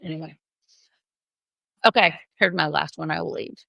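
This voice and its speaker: A low, vocal-fried voice belongs to a middle-aged female podcast co-host speaking at a moderate pace. She's an animated storyteller in casual chat who laughs often and dramatizes quotes, heard on a dry, low-quality recording.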